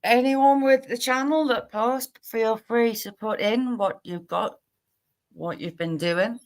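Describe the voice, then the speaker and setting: A woman with a Cumbrian accent hosting a casual livestream chat, talking quickly and laughing often. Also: on the high side. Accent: Cumbrian English. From Cumbria, England. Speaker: livestream host.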